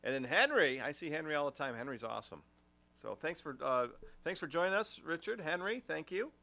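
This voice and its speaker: A man's voice: on the high side, animated, fairly quick, creaky, pushed and bright, no room sound. A middle-aged man co-hosting a casual podcast, telling rambling stories with lots of restarts and fillers. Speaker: podcast co-host.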